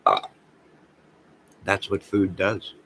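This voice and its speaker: Deep-voiced rambling man chatting on livestream. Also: extremely slow, creaky, background noise. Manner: rambling, excitable, talks to viewers by name. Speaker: livestream host reading chat. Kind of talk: casual livestream chat.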